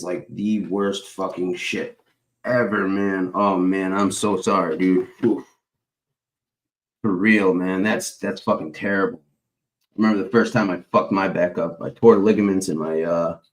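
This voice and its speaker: A young man talks casually to his stream viewers in a fairly low voice. He rambles from one story to the next, swearing freely and circling back on himself. The talk is loose and unscripted. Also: low-quality recording. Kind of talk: casual chat.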